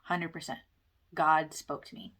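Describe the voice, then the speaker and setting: A woman's voice: low-pitched, little pitch movement, measured pace, a bit bright. A young woman talking earnestly about a spiritual awakening, rambling with fillers like "like" and "you know". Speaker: wellness vlogger. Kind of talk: personal testimony monologue.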